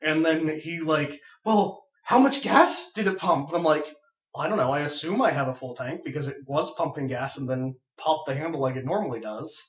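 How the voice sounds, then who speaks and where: A young man casually telling a funny story on a podcast, animated and laughing as he goes. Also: fairly high pitch, a little fast. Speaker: podcast co-host. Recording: echoey room, far from mic.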